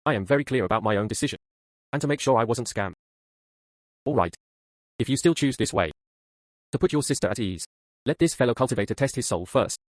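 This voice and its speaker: A man voices a steady young male cultivator in a fantasy drama dub. His voice sits at a middling pitch, and he reads each line plainly and evenly. The recording is dry, with no room echo. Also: fairly quick, pauses often, natural voice. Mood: earnest.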